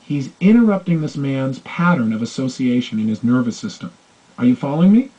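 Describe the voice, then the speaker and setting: A male motivational speaker who tells stories quickly and keeps his pitch swinging widely. His husky, mellow voice comes through a dull, lo-fi recording. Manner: animated, acts out quoted voices. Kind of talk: motivational storytelling talk.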